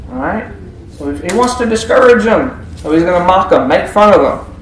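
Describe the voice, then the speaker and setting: Folksy preacher in an echoey room. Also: male voice, high-pitched, animated, normal speed, a little hiss or hum. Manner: folksy, reads scripture aloud then explains. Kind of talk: Bible teaching sermon. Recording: echoey room with faint ambience.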